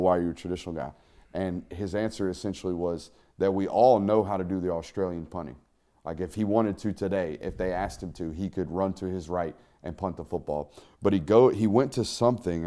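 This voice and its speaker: Male sports show host, low-pitched, loose and chatty delivery. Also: mellow. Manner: loose, chatty, with fillers and laughs. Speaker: podcast host. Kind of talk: casual sports talk.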